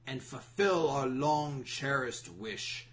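A man's voice: medium pitch, takes it slowly, fairly bright tone, voice pushed up. A man voicing a solemn male knight who speaks in an earnest, raised voice.

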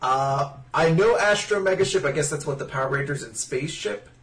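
A man's voice: a little high, a little fast, a bit bright. A man co-hosting a podcast in casual, jokey banter, rambling and laughing often. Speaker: podcast co-host. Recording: distant mic with faint noise.

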